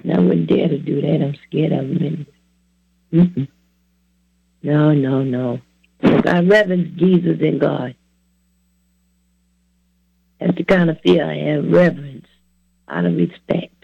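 A man's voice: on the high side, a little slow, gravelly, long pauses, breathy edge, dry recording, lo-fi sound. A man in his seventies giving an earnest testimony sermon, exhorting his listeners in plain, repetitive words.

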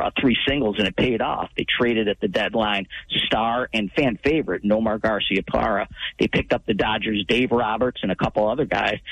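A man's voice: fairly low pitch, fairly bright tone, slightly rough, no room sound, poor audio. A man calling in to a sports radio show, friendly and chatty. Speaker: caller. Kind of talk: phone-in call to radio show.

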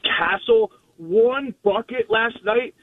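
A hoarse man calling in to a sports radio show, ranting loudly and trash-talking. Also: extremely high pitch, slow, dry recording. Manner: rowdy, ranting trash talk. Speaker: caller. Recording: tinny phone line, distant.

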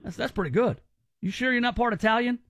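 A man's voice: very high-pitched, fast, fairly bright tone, no echo. A male radio host running a call-in game, teasing and bantering with energy.

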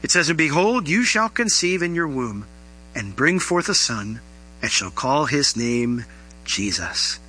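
A middle-aged man preaching a sermon, animated and rising into emphatic questions to his listeners. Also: on the high side, measured pace, low-quality recording. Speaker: pastor.

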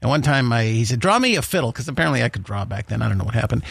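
A man's voice: medium pitch, very fast, gravelly, breathy edge, dry recording. A man hosting a morning radio show in casual banter, rambling and jokey with lots of fillers, in a studio.

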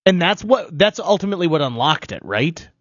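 A man's voice: on the high side, sing-song, brisk, a bit bright, no echo, highs cut off. A man co-hosting a casual talk show, teasing his co-host playfully. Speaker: radio co-host. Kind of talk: casual on-air chat.

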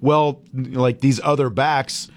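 A man hosting sports talk radio, animated and a little sarcastic, rambling through his points. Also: mid-range voice, takes it slowly.

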